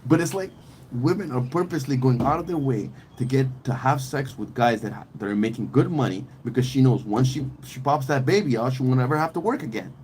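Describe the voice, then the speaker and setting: A man hosts a casual podcast in a middle-pitched voice, rambling from point to point with emphatic slang and frequent swearing. He restarts sentences often as he builds his argument. A faint ambient hum sits behind him. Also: a little fast, hardly any pauses, darkish tone, poor audio. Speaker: podcast host. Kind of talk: casual opinionated podcast chat.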